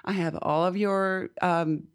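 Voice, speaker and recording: A middle-aged woman hosts a podcast in a casual, effusive way, her talk wandering as she sets up questions. Her voice sits a little on the low side. She sounds chatty and warmly eager. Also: fairly even intonation, unhurried, clean tone. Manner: chatty and effusive, meandering phrasing. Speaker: podcast host. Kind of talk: casual interview chat. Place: indoor room, recorded in London.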